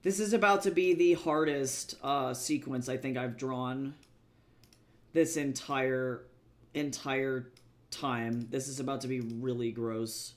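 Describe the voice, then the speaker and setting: A man streaming as a webcomic artist, chatting casually and thinking out loud in a rambling, self-deprecating way as he works. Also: mid-range voice, steady tone, slow pace. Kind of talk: casual livestream chat while drawing.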